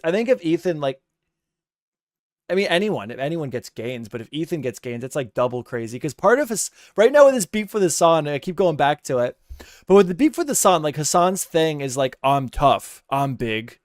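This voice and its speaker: A young man riffing in a blunt, profane, rambling way as he reacts on stream. His voice sounds smooth and resonant. The sound is dry and close, with no room around it. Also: a little high, animated, a little fast, darkish tone, dry recording. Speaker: streamer reacting to a podcast clip. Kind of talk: casual reaction commentary.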